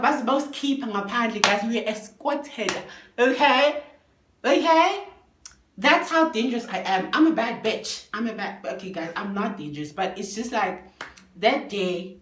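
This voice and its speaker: A young South African woman telling a story to camera in a casual, animated way, switching languages and swearing freely. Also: fairly high pitch, moderate pace, roomy sound. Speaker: storytime vlogger.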